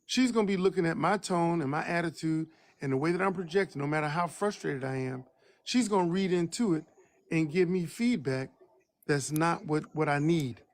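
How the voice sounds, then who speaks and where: A married man with a baritone voice co-hosting a live stream chat, lecturing emphatically and slowing down to stress his points. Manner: preachy, emphatic, slow for stress.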